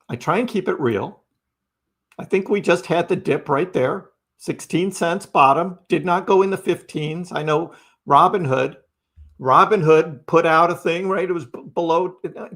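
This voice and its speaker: A man's voice: on the high side, fairly bright tone. A man hosting a casual crypto livestream, chatty and repetitive, often tagging lines with "right?" and talking back to his chat. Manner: chatty, repeats phrases, peppers with "right?"; talks back to chat commenters.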